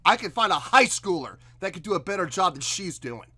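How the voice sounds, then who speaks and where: A man's voice: high-pitched, very animated, fairly quick, pushed and bright. A man hosting a music reaction video, giving blunt and exasperated commentary straight to the camera.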